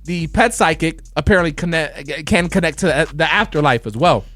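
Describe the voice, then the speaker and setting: A man's voice: on the high side, a little fast, dry recording. A man hosting a radio show in a studio, chatting casually and telling stories by acting out the voices of the people in them. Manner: lively storytelling, acting out quoted voices.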